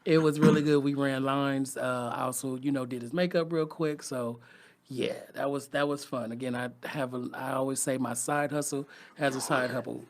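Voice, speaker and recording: Animated laughing male podcast co-host. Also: mid-range voice, moderate pace. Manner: animated storyteller, laughs often. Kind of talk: casual comedic chat.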